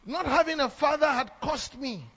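A Ghanaian man preaches a sermon with a high-pitched voice, hammering his points home by repeating them. His Ghanaian English accent is strong. The recording sounds dull and lo-fi. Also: moderate pace, bright, forceful tone. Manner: emphatic, repeats lines for effect, mixes in Twi phrases.

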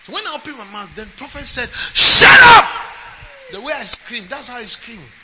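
A man preaching a sermon as a bishop, building from talk into emphatic shouts. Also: extremely high pitch, fast talker, crowd noise. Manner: emphatic preaching, rising to shouts and acting out quotes. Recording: lo-fi with steady background noise.

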